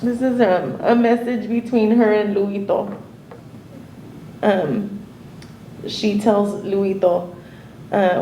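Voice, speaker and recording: A woman's voice: medium pitch, steady tone, slow pace, dark tone, a little hiss or hum. Nervous woman telling a story, echoey. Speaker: mother speaking at a memorial. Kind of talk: informal memorial tribute.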